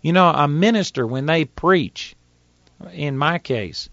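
A man's voice: on the high side, animated, takes it slowly, creaky, a bit bright, no room sound, dull audio. A man with a Texas accent, teaching from the Bible in a folksy, plainspoken sermon and reading scripture aloud. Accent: Texan. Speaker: preacher.

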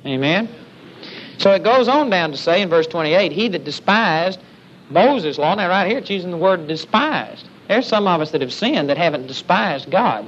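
A man's voice: high voice, lively intonation, normal speed, a bit bright. A man preaching a sermon with emphasis, often calling out "amen?" to the congregation. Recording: dull lo-fi sermon recording with faint hiss.

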